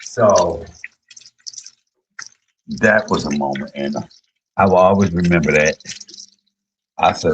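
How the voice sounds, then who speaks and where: A middle-aged man, a comedian, telling profane, joking stories on a casual livestream and jumping high in pitch when he quotes people. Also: slow, long pauses, lo-fi sound, a little hiss or hum. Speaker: comedian and YouTube cook.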